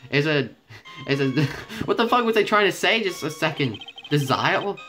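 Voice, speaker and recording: A man's voice: fairly high pitch, very animated, normal speed, bright, forceful tone. A man giving loose, rambling, profane commentary while playing a game. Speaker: gaming YouTuber. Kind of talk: casual let's-play commentary. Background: game music.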